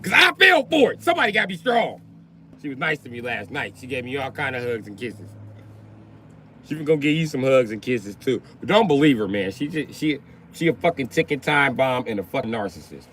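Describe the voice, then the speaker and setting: An expressive man talks a little fast in a rambling, crude, joking live-stream rant from his car, his pitch swinging up and down. The audio is poor, with a little hiss or hum.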